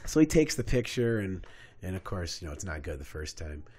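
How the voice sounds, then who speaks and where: A young man co-hosting a podcast, telling a story among friends in a casual, animated way, acting out quotes and swearing freely. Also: sits low, a little fast. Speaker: podcast co-host.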